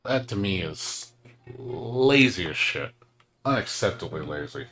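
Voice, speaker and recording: A man's voice: low-pitched, animated, measured pace. A man chatting casually while streaming a game, ranting and swearing with lots of fillers.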